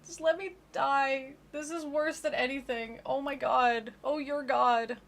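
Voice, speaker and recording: A weary, desperate young woman on her deathbed, pleading to be left alone, her voice pitched high, as a woman acts her out. She sounds exasperated and worn out. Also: steady tone, unhurried, creaky, fairly bright tone, exaggerated voice.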